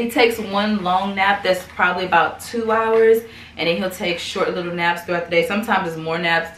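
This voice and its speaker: A woman's voice: fairly low pitch, fairly bright tone, slight background noise. A woman giving a casual vlog update as a mother, chatting to viewers and her baby at home. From United States. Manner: chatty, talks to baby between remarks. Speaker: vlogger mom. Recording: roomy, somewhat distant mic, faint ambience.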